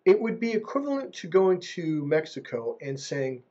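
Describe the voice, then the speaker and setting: Husky, high-voiced male relationship coach. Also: moderate pace, hardly any pauses, lo-fi sound. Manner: animated, mimics other people's voices. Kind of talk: casual monologue to camera.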